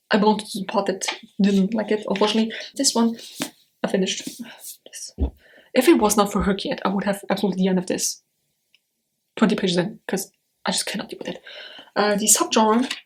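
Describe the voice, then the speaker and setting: Woman book vlogger, mid-pitched, loose and rambly, talks straight to camera with blunt takes. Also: slight background noise. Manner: chatty and rambling, blunt opinions, frequent fillers. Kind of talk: casual chat to camera.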